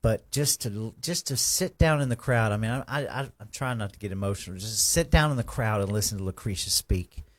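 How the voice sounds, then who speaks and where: A man's voice: lowish voice, fairly quick, few pauses. Effusive man hosting a live stream. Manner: effusive, folksy, rambling with restarts. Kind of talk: casual live stream shout-outs.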